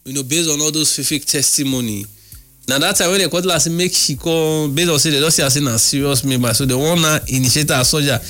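A man with a Nigerian accent telling a story in a casual chat, animated and mocking. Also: on the high side, fast, faint music behind.

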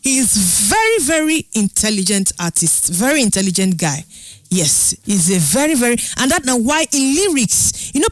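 A woman with a Nigerian accent hosting a casual radio show, chatty and animated, laughing often between her words. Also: medium pitch, no echo. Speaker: radio host. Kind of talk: casual radio chat in Pidgin.

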